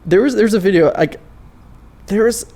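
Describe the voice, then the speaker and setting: A man hosting a podcast, explaining things in an animated, rambling way full of fillers. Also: high-pitched, normal speed. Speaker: podcast host. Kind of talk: casual chat.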